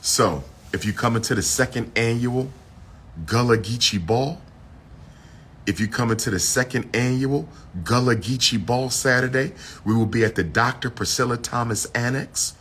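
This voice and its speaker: A man's voice: mid-range voice, normal speed, fairly bright tone, a little hiss or hum. A man hosting a casual livestream monologue, playful and repeating himself to build hype. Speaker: livestream host.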